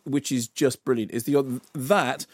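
A man co-hosting a radio show, bantering in a teasing, playful way and quick to laugh. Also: mid-range voice, no room sound, clean studio sound. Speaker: radio co-host.

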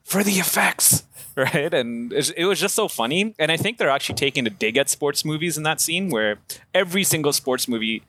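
A man co-hosting a podcast, his voice bright and forward. The sound is dry and close to the mic, with no room in it. He tells stories with animated energy. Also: on the high side, brisk, no echo. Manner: animated storyteller, acts out quotes. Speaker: podcast co-host. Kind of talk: casual chat about films.

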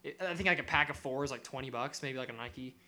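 This podcast co-host, a young man with a mid-range voice, talks fast while telling a story in a casual chat. He gets animated, acting out what others said, and swears a lot along the way.

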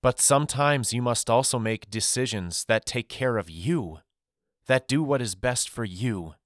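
A man voicing a gentle, grieving mother saying a tender farewell in an audiobook, speaking softly and with measured calm. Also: medium pitch, no room sound, clean studio sound, lightly acted. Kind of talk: audiobook character voice.

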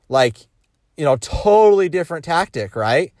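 A man's voice: fairly high pitch, lively intonation, brisk, a little mellow, dry recording, studio quality. A man talking casually as a sales coach, rambling with restarts and rhetorical questions.

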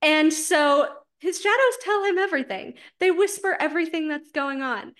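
A woman co-hosting a casual book podcast, animated, acting out characters' lines with frequent laughs and swearing. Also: high-pitched, normal speed. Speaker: podcast co-host.

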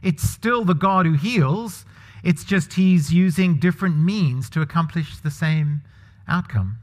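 A pastor gives a sermon at a measured pace, relaxed and conversational, repeatedly asking the congregation questions. His voice is a little higher than most men's, and a long reverb carries it like a church hall.

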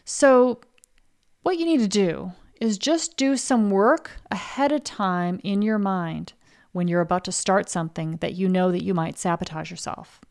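A woman's voice: mid-range voice, measured pace, vocal fry, a little mellow. A woman hosting a casual motivational talk for artists, blunt and frank, swearing freely and acting out the doubting voice in her listeners' heads. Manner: acts out her listeners' inner voice. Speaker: podcast host and coach for artists.

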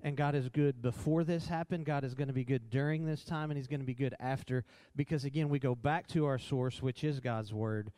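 A man's voice: mid-range voice, a little fast, few pauses, dark tone, no echo. A man co-hosting a church talk in a worship center, upbeat and affirming with a preacherly style.

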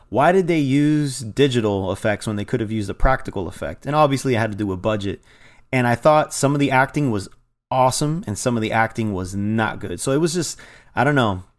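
Easygoing male movie-review co-host. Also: medium pitch. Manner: easygoing, rambling opinions. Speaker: podcast co-host. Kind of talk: casual movie review chat.

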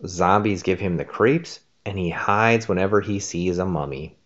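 A woman's voice: very deep voice, normal speed, hardly any pauses, highs cut off. A woman hosting a children's story show, reading a picture book aloud in a playful, coaxing way. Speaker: host and story reader.

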